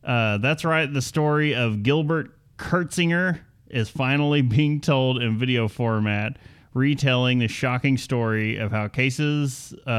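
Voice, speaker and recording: A man's voice: medium pitch, clean tone. A young adult man co-hosting a casual chat, reading news items aloud with a wry tone and frequent laughs. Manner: chatty, laughs often, reads news in a wry tone. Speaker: podcast co-host.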